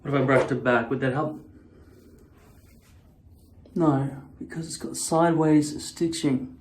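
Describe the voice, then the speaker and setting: A man's voice: medium pitch, steady tone, unhurried. A man vlogging casually to camera, blunt and profane, wandering into rambling asides. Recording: echoey room.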